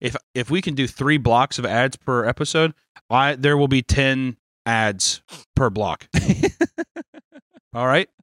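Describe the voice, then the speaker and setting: A man's voice: mid-range voice, sing-song, takes it slowly, fairly bright tone, no echo, studio quality. A man co-hosting a podcast in casual, profane, joking chat. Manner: profane, joking, slips into mock Australian voices. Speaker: podcast co-host.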